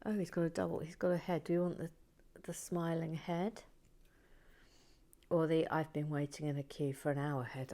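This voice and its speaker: A middle-aged woman hosting a soft-spoken ASMR build video, often slipping into a whisper, chatty and mildly self-deprecating, close to the mic at a tabletop. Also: sits low, steady tone, normal speed. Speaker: channel host building brick sets.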